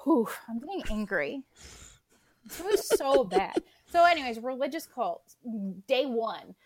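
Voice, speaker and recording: A young woman in casual podcast chat, her voice sitting a little high and swinging up and down as she vents about a film. She swears freely and acts out the characters' lines. The sound is close and dry. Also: measured pace, dry recording. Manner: animated, swears, acts out scenes. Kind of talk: casual chat, movie rant.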